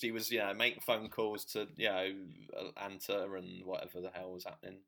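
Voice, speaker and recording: Man, low pitch, bright tone, casual joking podcast chat. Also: huge pitch swings, normal speed, creaky. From Britain. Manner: joking, rambling, self-mocking. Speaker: podcast co-host.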